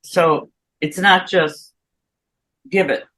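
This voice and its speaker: A woman's voice: fairly low pitch, steady tone, extremely slow, a bit bright, rough recording. A woman hosting an interview, chatty and given to philosophical asides and compliments. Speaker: interview host. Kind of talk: casual chat over a remote call.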